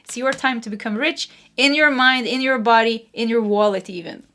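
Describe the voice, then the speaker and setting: A woman's voice: a little high, moderate pace. Chatty woman doing a tarot reading. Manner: warm, chatty, laughs often, many fillers. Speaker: tarot reader. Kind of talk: casual spoken tarot reading.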